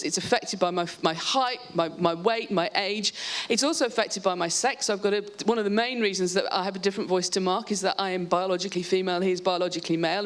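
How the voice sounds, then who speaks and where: A woman speaking on a live panel, explaining her ideas in a lively way and restarting her sentences often. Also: medium pitch. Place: stage at a live event.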